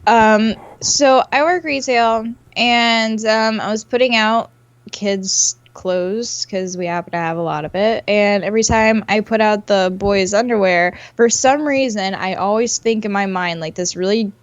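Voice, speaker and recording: A woman's voice: mid-range voice, measured pace, no room sound, dull audio. A young adult woman co-hosting a podcast, chatting crudely and improvising, giggling a lot, swearing freely and telling stories in put-on voices. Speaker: podcast co-host. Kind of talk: crude improvised comedic chat.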